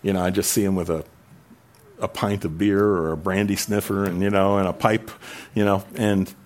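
A preaching man, lowish voice. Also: little pitch movement, normal speed. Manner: conversational, digressive, rising to emphatic preaching. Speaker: pastor. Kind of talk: sermon.

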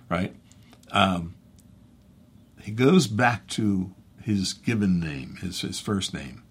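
A man speaking as a pastor, teaching through a scripture passage in a conversational, halting way and correcting himself as he goes. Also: on the low side, lively intonation, slightly rough. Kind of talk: bible teaching.

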